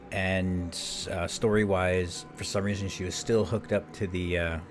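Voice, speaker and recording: A young man casually recapping and commenting as he streams a game, rambling with lots of fillers. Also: low voice. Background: game music.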